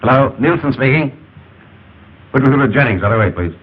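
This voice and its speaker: An actor playing a curt, commanding army colonel, barking orders down a telephone with a lively, up-and-down delivery. The sound is a thin, hissy 1930s film soundtrack. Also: male voice, mid-range voice, brisk, phone-quality sound, natural voice. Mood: brusque. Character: brusque gruff older male army colonel.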